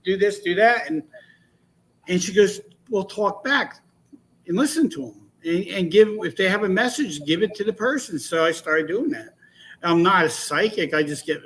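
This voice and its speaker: A man telling a personal story as a guest on a casual online talk show, rambling and animated, with many restarts. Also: high-pitched.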